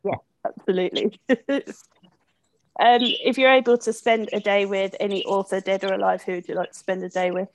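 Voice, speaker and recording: A woman's voice: medium pitch, steady tone, normal speed, dry recording, low-quality recording. Chatty Bedfordshire woman interviewer. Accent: Bedfordshire English. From Bedfordshire, England. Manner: chatty and upbeat. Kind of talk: casual interview chat.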